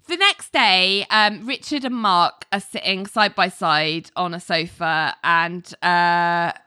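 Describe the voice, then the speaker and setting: A woman's voice: on the low side, takes it slowly, pushed and bright, clean tone, no echo, clean studio sound. A woman casually recapping a TV episode, chatty and full of ums and likes.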